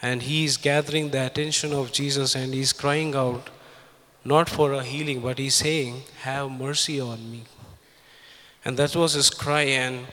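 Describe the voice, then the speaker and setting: A man delivers a sermon in an unhurried, halting way, with plenty of fillers, restarts and repeated phrases. His voice is bright and forward. A long reverb from the church hall trails after his words. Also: mid-range voice. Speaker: preacher. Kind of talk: sermon with scripture reading.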